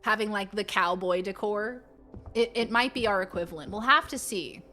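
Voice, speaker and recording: A woman streaming a game and chatting casually with her viewers, playful and quick to slip into silly voices. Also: medium pitch, pushed and bright, soft background music. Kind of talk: casual live-stream chat.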